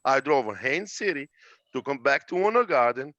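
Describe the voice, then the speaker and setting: A man's voice: mid-range voice, lively intonation, normal speed, bright, forceful tone, no room sound. A male real estate agent telling a story about a client in a conversational way, with slightly broken phrasing. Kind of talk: telling a work anecdote. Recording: dull lo-fi dry sound.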